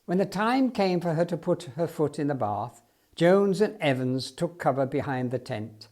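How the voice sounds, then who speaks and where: A man reading a children's story aloud in an expressive, storytelling way. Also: a little high, moderate pace. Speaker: storybook reader.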